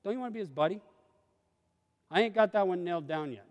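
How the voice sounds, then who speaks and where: A man preaching a sermon with passion, swinging between hushed confiding and sudden exclamations. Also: high-pitched, expressive, fast talker, dull audio. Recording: long hall reverb.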